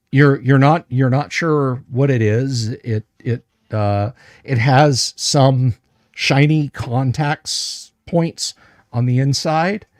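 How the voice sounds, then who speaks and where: A man running a tabletop game livestream as game master, slowly describing what the players find, with lots of hesitant fillers and restarts. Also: mid-range voice, darkish tone, no echo, clean studio sound. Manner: describes items slowly and carefully.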